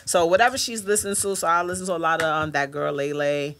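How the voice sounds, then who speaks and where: A woman's voice: lowish voice, fast. A woman, a guest rapper in casual interview chat, telling stories animatedly and acting out what others said. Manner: animated storyteller who acts out quotes. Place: radio studio.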